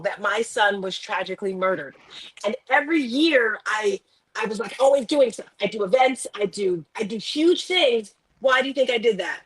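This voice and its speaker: Animated, high-voiced woman coach. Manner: animated, acts out her own self-talk in quoted asides. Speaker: life coach and author. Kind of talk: emotional personal storytelling in an interview.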